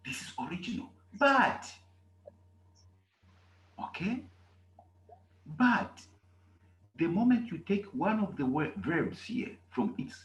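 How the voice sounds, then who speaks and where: A man teaching a language class in a roomy, echoing space with a faint hiss behind him. He talks slowly and with a lively, swooping pitch, and he keeps checking in with his students. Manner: repetitive, emphatic, asks "okay?" often. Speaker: German teacher. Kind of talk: classroom lesson.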